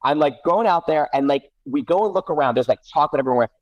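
A man's voice: fairly high pitch, fast, dry recording, lo-fi sound. A middle-aged man, a guest parent, telling a casual story with many restarts and self-corrections. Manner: rambling, self-correcting, animated.

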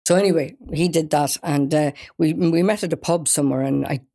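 Gravelly older woman telling stories. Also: sits low, brisk. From Wales. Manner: animated storyteller, laughs often, restarts mid-sentence. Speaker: guest singer. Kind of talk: casual anecdote telling.

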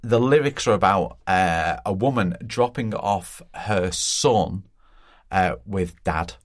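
A man's voice: deep voice, lively intonation, slow. A man appearing as a guest on a music podcast, chatty and meandering as he explains his pick. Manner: chatty and meandering, with many fillers and restarts. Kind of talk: casual chat about music.

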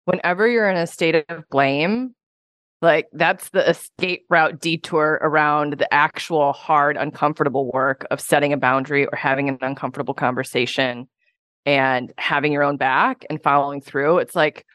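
A woman's voice: sits low, fairly even intonation, normal speed, fairly bright tone, dry recording, clean studio sound. A woman coach as a podcast guest, explaining her points in a plain, thoughtful way. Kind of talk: casual conversational interview.

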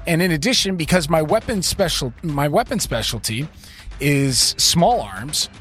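A man's voice: fairly high pitch, expressive, a little slow, a bit bright, faint music behind. A man playing in a tabletop game, eagerly explaining his character's moves and the rules in detail. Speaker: player.

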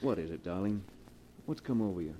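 An actor playing a worried husband who grows insistent and commanding in a 1940s radio drama. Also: male voice, low voice, expressive, fairly quick, mellow, slight background noise, poor audio. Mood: concerned. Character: worried husband, stage actor, growing suspicious.

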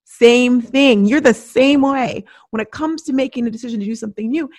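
A middle-aged woman talking as a podcast host and coach, giving a lively motivational monologue and acting out the voices she quotes. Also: a little high, a little fast, no room sound, studio quality. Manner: animated, acts out inner voices and quotes.

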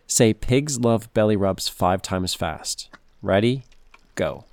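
A man's voice: lowish voice, expressive, takes it slowly, darkish tone, dry recording. A man hosting a playful animal-facts podcast for kids, chatty and goofy, full of puns and silly asides. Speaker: podcast host.

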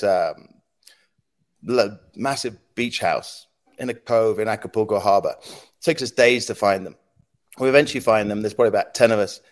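A man on a podcast as a guest, telling lively stories in casual talk, acting out quotes and noises and laughing often. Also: lowish voice. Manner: animated anecdotes, acts out quotes and sound effects, laughs often. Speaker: podcast guest, former news agency head. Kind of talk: casual storytelling interview.

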